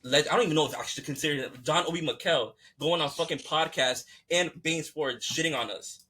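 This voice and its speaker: A man's voice: a little high, a little fast, bright, forceful tone. A man hosting a podcast, ranting in a fired-up, profane, repetitive way. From United States. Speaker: podcast host. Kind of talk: heated casual rant.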